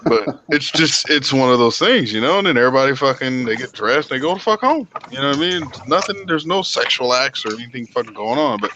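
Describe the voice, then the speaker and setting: A man from the United States hosts a livestream, chatting casually with friends and swearing constantly while spinning long, rambling, animated stories. His voice sits at medium pitch and moves fairly quickly with few pauses. The audio is poor, with a little hiss or hum.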